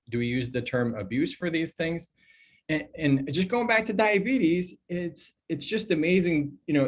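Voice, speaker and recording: A middle-aged man, an emergency physician and toxicologist, giving a recorded medical training lecture in a loose, conversational way with lots of fillers. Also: mid-range voice. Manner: conversational and animated, many fillers, mock dialogues in a put-on voice.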